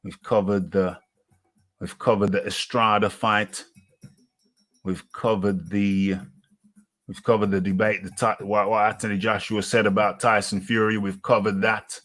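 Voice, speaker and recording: Rambling British man, low voice. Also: flat delivery, unhurried, fairly bright tone. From United Kingdom. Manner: rambling, repeats his phrases, lots of fillers. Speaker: host of a live boxing talk show. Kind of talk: casual live-stream chat.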